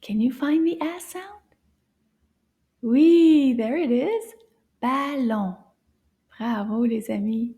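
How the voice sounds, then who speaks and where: A woman gives a children's French lesson in a high, mellow voice, cheerful and encouraging. She takes her time, switches between English and French, and often slips into soft whispers. Her tone stays warm throughout. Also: expressive, takes it slowly, pauses often. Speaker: French teacher.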